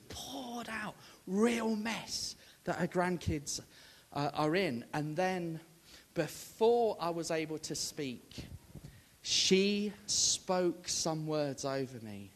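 Minister, animated storyteller who acts out the dialogue, gets the room calling out answers, a voice that swings a lot. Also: male voice, a little high, slow. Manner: rallies the audience to call out answers. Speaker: Baptist minister. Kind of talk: storytelling sermon to a congregation.

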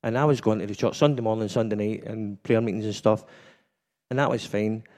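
Scottish man, church testimony, chatty storyteller who laughs a lot, mellow warm tone, echoing hall. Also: fairly low pitch, fairly even intonation, a little fast. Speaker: church member giving testimony. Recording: long hall reverb.

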